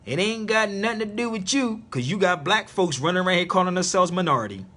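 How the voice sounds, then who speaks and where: An internet radio host lectures fast on a live stream, his husky, fairly high voice rising and falling in a lively way. He hammers home his points and repeats them.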